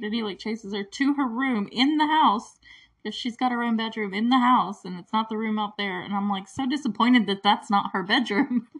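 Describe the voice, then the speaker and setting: A woman with a breathy edge to her mid-range voice casually goes over a movie's plot. The movie reviewer is chatty and giggly, says "like" constantly, and sounds a bit distant from the mic.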